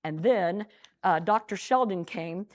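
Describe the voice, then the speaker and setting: A woman telling a picture story to children at a church program, animated and repeating words as she goes. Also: on the low side, unhurried.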